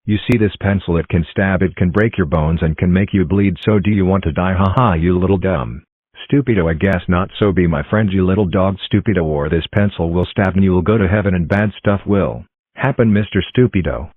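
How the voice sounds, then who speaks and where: A man doing a taunting astronaut bully, boastful and name-calling, with a very low, husky voice. It is a dull, lo-fi home recording with dry sound. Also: brisk, dry recording.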